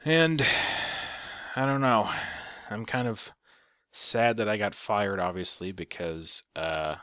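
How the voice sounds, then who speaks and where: A man's voice: on the low side, slow, a bit bright, no room sound. A man telling a story as a vlogger in a casual rant, sarcastic and profane.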